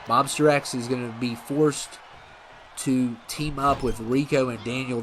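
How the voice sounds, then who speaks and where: A man's voice: mid-range voice, fairly even intonation, a little slow, noisy background. A man giving casual, rambling commentary on a video game wrestling series, often correcting himself as he goes. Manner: rambling, self-correcting, laid-back.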